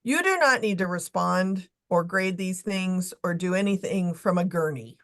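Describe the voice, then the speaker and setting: A woman chairing a committee meeting on a video call, brisk and casual, blunt, with the odd swear word. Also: lowish voice, lively intonation, fairly bright tone.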